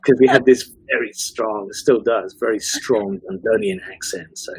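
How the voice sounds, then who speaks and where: A man's voice: mid-range voice, big pitch swings, moderate pace, creaky, hardly any pauses, husky, low-quality recording. A middle-aged man chatting as an interview guest over a video call, rambling with many restarts and fillers. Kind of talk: casual interview chat.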